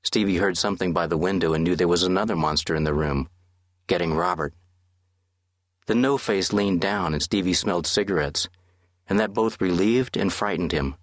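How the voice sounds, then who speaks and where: A man narrating an audiobook in steady, measured scripted narration. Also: deep voice, dry recording, clean studio sound.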